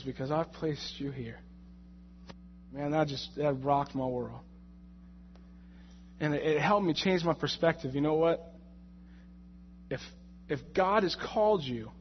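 A young man preaching a sermon in an animated, joking way, often repeating words as he goes. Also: high-pitched. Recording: muffled, in a reverberant hall.

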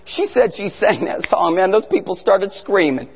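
A middle-aged man preaching a sermon, telling family stories with animated bursts of shouting. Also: high voice, moderate pace, husky. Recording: muffled sound in a reverberant hall.

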